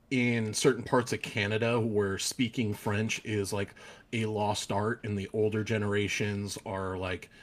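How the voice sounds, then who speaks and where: Hesitant man, low voice. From United States. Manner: hesitant, many ums and restarts. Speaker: podcast host. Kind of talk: casual chat.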